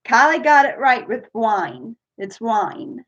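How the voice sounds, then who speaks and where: A woman's voice: fairly high pitch, very animated, slow pace, fairly bright tone. A woman hosting a casual live-stream trivia game, chatty and laughing often as she reads out questions and chats with viewers. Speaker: livestream trivia host. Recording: dull lo-fi stream audio.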